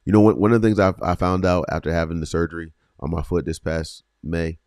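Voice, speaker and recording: A man hosting a faith podcast, speaking earnestly with repeated phrases and slow, emphatic pauses. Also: deep voice, flat delivery, a little mellow, no echo, studio quality. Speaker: podcast host. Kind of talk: encouraging faith podcast talk.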